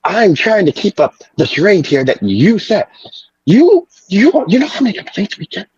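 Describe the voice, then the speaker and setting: A man's voice: high-pitched, very animated, normal speed, slightly rough, no echo, full character voice. Man doing a son with a put-on foreign accent. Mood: defensive. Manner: argumentative, rambling. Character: young adult son putting on a fake foreign accent, defensive. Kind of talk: live improv comedy. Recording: dull lo-fi sound.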